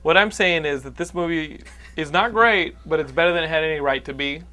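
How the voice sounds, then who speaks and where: A man's voice: fairly high pitch, a little fast, bright, forceful tone. A man hosting a podcast, recapping a movie plot in casual chat with many restarts. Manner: rambling, restarts a lot. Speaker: podcast host.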